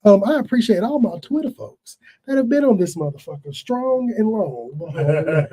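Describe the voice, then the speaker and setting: A man from the Chicago area with a Chicago accent, hosting a casual podcast chat with animated, profane storytelling. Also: sits high, moderate pace. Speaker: podcast host.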